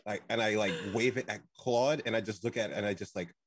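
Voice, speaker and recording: A man's voice: fairly low pitch, fast talker, dry recording. A man playing a tabletop game, rambling through his character's actions with lots of "like" and "just". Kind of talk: casual play narration.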